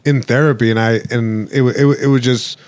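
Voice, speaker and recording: A man's voice: mid-range voice, fairly even intonation, moderate pace, a little mellow, clean tone, no room sound. A man hosting a podcast, talking reflectively in casual chat with many fillers and restarts, slipping into Spanish phrases. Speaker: podcast host.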